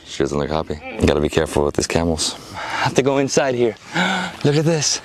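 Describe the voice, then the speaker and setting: A man making a casual, excited travel vlog outdoors at a camel farm, gasping and exclaiming as he films. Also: deep voice, quick pace, noisy background. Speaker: travel vlogger.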